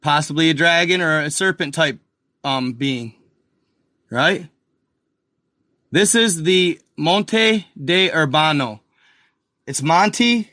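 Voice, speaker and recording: A man hosting a casual video, excitedly talking viewers through an old map and repeating himself as he points things out. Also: sits high, no room sound, clean studio sound. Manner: excited, repetitive, addresses viewers as guys and y'all. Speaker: video host. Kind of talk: casual commentary over a map.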